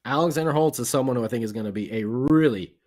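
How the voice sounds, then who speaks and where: A man co-hosting a casual sports podcast, excitable and rambling, with lots of fillers. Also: mid-range voice, fast. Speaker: podcast co-host.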